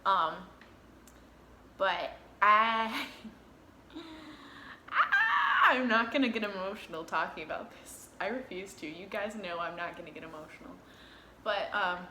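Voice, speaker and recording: A young woman vlogger telling a story to camera in a casual, animated way, acting out her own reactions and swearing freely. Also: medium pitch, roomy sound, a little hiss or hum.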